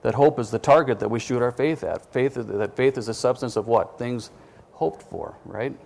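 A man's voice: mid-range voice, normal speed, creaky, a little mellow, a little hiss or hum. A man preaching a sermon in a conversational way, quizzing his listeners with questions and dropping self-deprecating asides.

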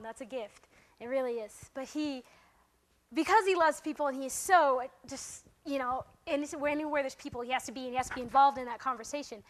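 A young woman with a high voice tells a personal story to a group in a relaxed, chatty way. She fills it with ums and laughs. She jumps into playful quoted voices as she goes. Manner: animated, acts out quotes in a raised voice, laughs often. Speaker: speaker sharing a testimony. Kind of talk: casual storytelling talk.

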